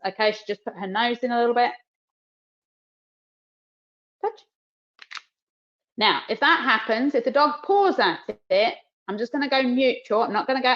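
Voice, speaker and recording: A woman's voice: medium pitch, expressive, a little fast. Woman dog trainer with a New Zealand accent. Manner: explains while cueing the dog, soft praise. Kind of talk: live training demonstration. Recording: dull lo-fi webinar audio.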